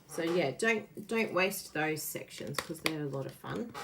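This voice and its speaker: Warm-hearted craft host: woman, lowish voice, bouncy delivery, laughs easily. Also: expressive, unhurried, gravelly, background noise. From Australia. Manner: chatty, laughs often, explains while working. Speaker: card-making host. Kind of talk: casual live craft demo.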